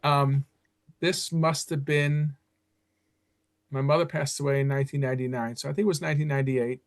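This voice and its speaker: An older man from Chicago, a guest historian, telling stories in an animated way in a podcast interview. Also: brisk. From Chicago, USA. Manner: animated storyteller, leaps up in pitch when excited.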